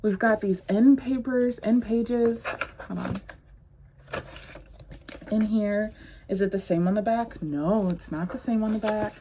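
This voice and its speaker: A woman's voice: mid-range voice, a little slow, pauses often, background noise. A young adult woman vlogging casually about her bookshelf, rambling and chatty with frequent fillers, talking in a room at home. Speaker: book vlogger. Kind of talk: casual chat.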